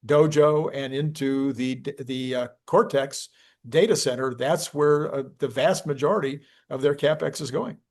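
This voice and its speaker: A man's voice: medium pitch, measured pace, a little mellow. A man hosting a casual talk, agreeing often and adding his own points about the topic. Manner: agreeable, frequent "right" acknowledgments, laughs easily. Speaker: show host. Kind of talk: casual conversation with a guest.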